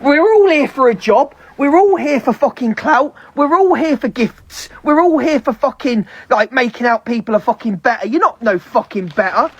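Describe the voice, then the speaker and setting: A woman's voice: sits high, lively intonation, dull audio, slight background noise. A woman on a live stream, venting in a heated, profane rant. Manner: heavy swearing, fast heated ranting.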